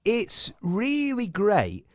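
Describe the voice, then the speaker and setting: A radio host from the UK with a Manchester accent, interviewing guests in a friendly, teasing way. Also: male voice, high voice, extremely slow. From United Kingdom. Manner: friendly, lively, teasing with a playful sense of humor. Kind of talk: casual interview chat.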